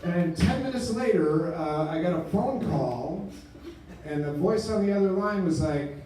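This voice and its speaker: A man's voice: high voice, expressive. A man doing a live stand-up set. He rambles and stalls with lots of fillers, and he mocks himself. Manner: halting, rambling delivery full of fillers, self-deprecating. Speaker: stand-up comedian. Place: small comedy club stage. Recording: roomy live venue, mic heard from a distance with faint noise.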